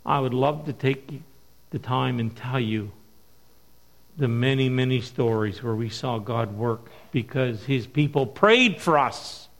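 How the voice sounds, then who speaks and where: A middle-aged man preaching at a missions conference, telling stories and stressing key words slowly. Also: medium pitch, steady tone. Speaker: missionary speaker. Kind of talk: sermon with storytelling.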